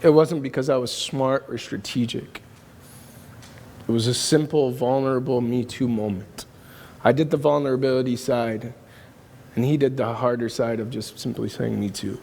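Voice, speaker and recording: A man's voice: mid-range voice, fairly even intonation, normal speed, a little mellow, slight background noise. A man preaching a sermon, telling a personal story in an earnest, emphatic way. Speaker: pastor. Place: church auditorium. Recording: long hall reverb.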